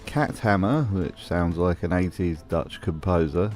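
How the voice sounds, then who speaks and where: Host, male, lowish voice, deadpan sarcastic narration over faint music. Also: a little slow. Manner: dry, mocking humour. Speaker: video essay host. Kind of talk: scripted commentary.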